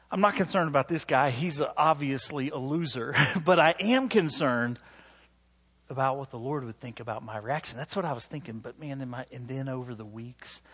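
A male pastor preaching a sermon, telling a self-deprecating story in an animated way and closing with a call to prayer. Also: fairly high pitch, slightly rough.

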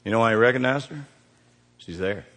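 A middle-aged man preaching a folksy sermon, swinging from loud emphasis down to hushed, quiet lines. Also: mid-range voice, a little fast. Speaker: pastor. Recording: reverberant hall.

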